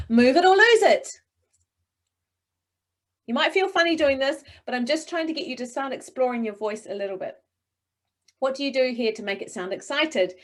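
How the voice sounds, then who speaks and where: A middle-aged woman with a slightly high voice leads a webinar session for speakers. She sounds encouraging and expressive. The sound is that of a video call. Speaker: presentation coach. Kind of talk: webinar coaching talk.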